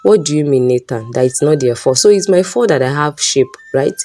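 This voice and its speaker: A woman's voice: low-pitched, expressive, fairly quick, mellow. A woman voicing a young female student who talks in a pleading, indignant way in a storybook reading. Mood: distressed.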